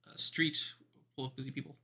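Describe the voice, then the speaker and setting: A man runs a tabletop game, describing scenes for his players in a bright, fairly forward voice. He talks haltingly, stopping often to search for words. He is recorded on a mic over a voice call. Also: medium pitch, flat delivery. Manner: hesitant, many ums and pauses. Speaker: game master.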